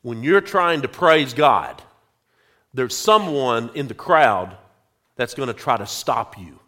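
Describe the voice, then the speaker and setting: A male pastor preaching a sermon, telling a story slowly and speaking directly to his congregation. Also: mid-range voice, expressive, pushed and bright. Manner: slow, drawn-out storytelling, addressing the congregation directly.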